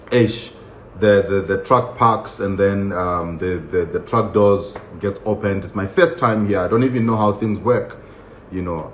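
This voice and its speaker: Animated man telling a story, laughing. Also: mid-range voice, a little hiss or hum. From Nigeria. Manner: animated, laughs often, acts out voices. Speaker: guest telling his story. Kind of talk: casual storytelling. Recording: roomy, slightly dull sound.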